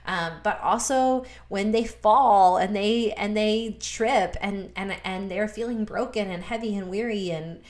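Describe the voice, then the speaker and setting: A woman's voice: mid-range voice, unhurried, few pauses. A woman in her thirties speaking earnestly in a faith-based podcast conversation, repeating words for emphasis. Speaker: guest speaker.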